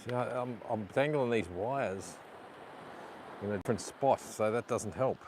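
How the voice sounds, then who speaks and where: In this live vlog, a man speaking at a measured pace in a lowish voice wrestles with his camera gimbal beside the sea. Frustrated, he curses at the gear repeatedly and keeps saying sorry to his audience as vehicles pass by outside.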